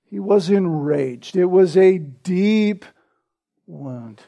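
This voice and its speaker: A man's voice: high voice, expressive, drawn-out words, vocal fry, dark tone, dull audio. A man preaching an expository sermon in a conversational, storytelling way, often turning to his listeners with rhetorical questions.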